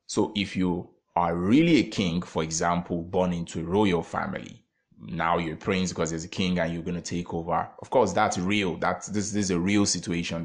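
A man telling a parable as a motivational talk, animated, with frequent fillers and laughs. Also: deep voice, vocal fry. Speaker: storyteller.

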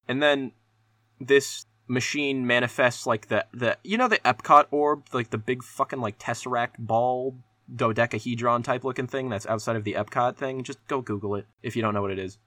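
A young man talks through a movie review on his podcast, rambling and swearing, with lots of "like" and restarts. His voice is bright and forward. The sound is dry and close, with no room around it. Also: medium pitch, a little fast, dry recording. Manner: rambling, profane, lots of fillers. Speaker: podcast host. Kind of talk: casual solo movie review.

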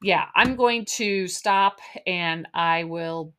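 A woman's voice: fairly low pitch, slow pace, bright, forceful tone, clear, resonant tone. Chatty woman hosting a solo podcast. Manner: chatty, rambling, lots of fillers. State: a little out of breath. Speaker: podcast host. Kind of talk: casual solo recap podcast.

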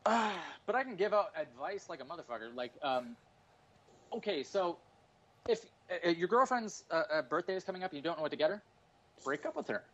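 A man in his forties rambles through profane, jokey stories in casual podcast chat. His voice sits a little high for a man. The recording is dull and lo-fi, like call audio. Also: lively intonation, brisk, a bit bright. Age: 40s. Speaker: stand-up comedian and guest.

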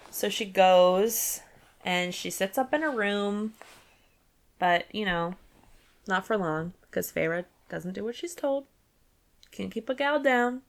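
A woman's voice: mid-range voice, expressive, takes it slowly, pauses often. A woman podcast host reading passages from a novel aloud, then recapping them in a casual, chatty way. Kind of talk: book club reading and recap.

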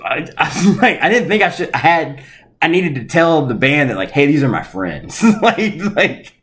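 A man's voice: fairly high pitch, animated, normal speed, crowd noise. A middle-aged man co-hosting a podcast, telling a story in casual chat, laughing often and swearing freely. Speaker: podcast co-host.

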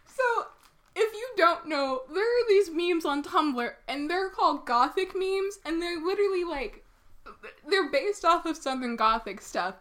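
A woman's voice: very high voice, lively intonation, a little slow, a bit bright. A young woman vlogger reading fan fiction aloud in a playful, giggly way.

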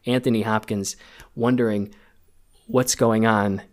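A man co-hosting a film podcast, talking in a halting, emotional way and choking up as he recalls a scene. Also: lowish voice, steady tone. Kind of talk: casual film discussion.

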